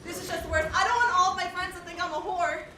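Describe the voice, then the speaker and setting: Young woman as flustered girl, very high, bright, echoey, distant. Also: steady tone, fast. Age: young adult. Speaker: sketch actor. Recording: echoey room, far mic, faint noise.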